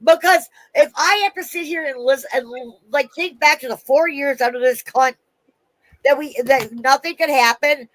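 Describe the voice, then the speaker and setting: High-voiced woman in a profane rant. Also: a bit bright, no room sound, rough recording. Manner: profane, swearing heavily; fast restarts and trailing-off sentences. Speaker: vlogger. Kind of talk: angry casual rant.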